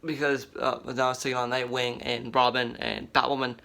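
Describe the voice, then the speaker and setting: A man hosting a casual commentary vlog, talking in an excited, rambling way with many fillers and restarts. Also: medium pitch, normal speed, creaky. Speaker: vlogger.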